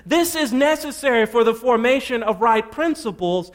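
High-voiced man preaching a sermon. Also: lively intonation, normal speed. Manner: emphatic, repeats scripture references, playful asides. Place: church sanctuary.

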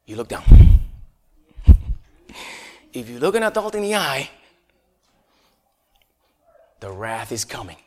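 Chatty preacher from Puerto Rico. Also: male voice, medium pitch, very animated, moderate pace, fairly bright tone. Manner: chatty, asks the congregation rhetorical questions, chuckles often. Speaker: pastor. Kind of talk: conversational sermon.

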